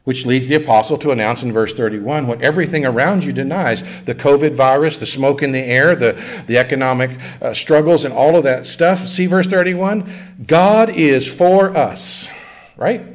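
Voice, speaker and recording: A man's voice: mid-range voice, a little fast. Man preaching a conversational sermon. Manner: conversational preaching, jokes and audience call-and-response. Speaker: pastor. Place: church sanctuary.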